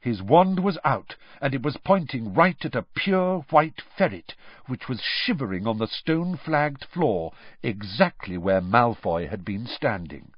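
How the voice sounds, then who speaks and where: A man narrating a storybook in an expressive, lively way. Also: medium pitch, a little slow, dry recording. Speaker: audiobook narrator. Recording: dull, dry close-mic recording.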